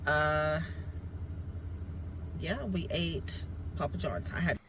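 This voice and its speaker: A woman's voice: sits low, takes it slowly. Rambling woman vlogging from a noisy car. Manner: rambling, hesitant with many ums. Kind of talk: casual vlog chat. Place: inside a car at a drive-through. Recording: vlog clip with loud car noise.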